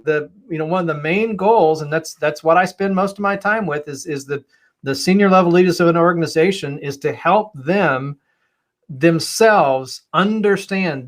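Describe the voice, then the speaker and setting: A man's voice: a little high, fairly bright tone. A man on a webinar panel giving emphatic, persuasive answers about agile leadership, often repeating words as he starts a thought.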